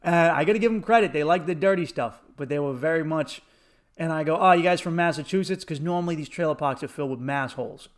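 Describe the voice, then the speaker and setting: Speaking fast and fairly high, a comedian spins a story on his own podcast. Profanity flows freely, laughter breaks into his lines, and he performs snatches of dialogue in an animated retelling.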